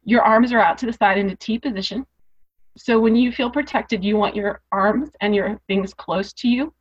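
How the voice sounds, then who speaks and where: A woman's voice: mid-range voice, moderate pace, slightly rough. A woman telling her own story as a guest in an interview. She speaks earnestly and emotionally, repeating phrases for emphasis. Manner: emotional, rising intensity. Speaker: podcast guest. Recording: dull lo-fi podcast audio.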